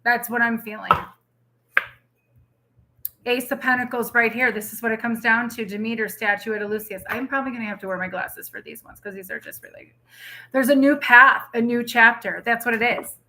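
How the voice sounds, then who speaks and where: A woman's voice: a little high, steady tone, brisk, sharp tone. A young woman giving a live tarot reading, chatty and emotional, rambling with lots of fillers. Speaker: tarot reader.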